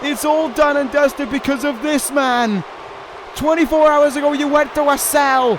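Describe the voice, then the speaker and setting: A man giving excitable play-by-play commentary on a wrestling video game, pleading and shouting at the action. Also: very high voice, measured pace. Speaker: YouTube gaming commentator. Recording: loud game crowd and noise behind voice. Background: video game crowd noise.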